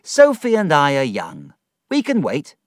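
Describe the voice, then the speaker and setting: A man voicing an earnest, gentle young man in love, speaking in a raised, earnest voice. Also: wildly swooping pitch, moderate pace, no echo, clean studio sound. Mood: hopeful. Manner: earnest, raised-pitch delivery.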